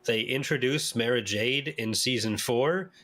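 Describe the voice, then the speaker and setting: A Canadian man hosting a casual podcast chat, animated and laughing often, voice jumping up when he argues a point. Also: mid-range voice, a little slow. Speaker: podcast host.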